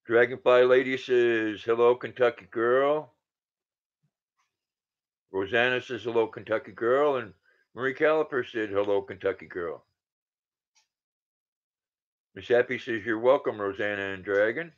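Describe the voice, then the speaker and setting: A man's voice: mid-range voice, unhurried, pauses often. A man in his sixties hosting a casual livestream, greeting viewers by name and reading their comments aloud. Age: 60s. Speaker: livestream host. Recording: dull lo-fi sound.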